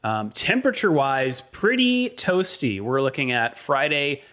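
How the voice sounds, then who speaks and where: A man co-hosting a motorsport podcast, reading weather and standings in a steady way with frequent ums and uhs. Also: mid-range voice, unhurried. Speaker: podcast co-host.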